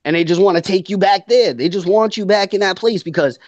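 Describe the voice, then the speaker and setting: A man in his thirties speaks in an earnest, reflective way during a casual chat and laughs easily along with his partner. His voice sits a touch high. The sound is dull, lo-fi and dry. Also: brisk, no echo.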